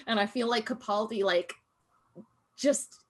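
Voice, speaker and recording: A woman's voice: fairly high pitch, measured pace. A woman co-hosting a casual reaction chat, gushing, with loose fillers and casual swearing. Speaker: co-host.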